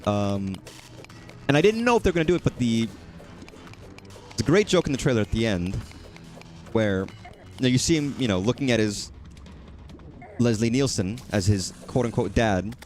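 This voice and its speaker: A man's voice: mid-range voice, animated, moderate pace, pauses often, darkish tone, faint music behind. A man chatting casually while streaming a game, rambling and swearing at enemies. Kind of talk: casual gaming commentary.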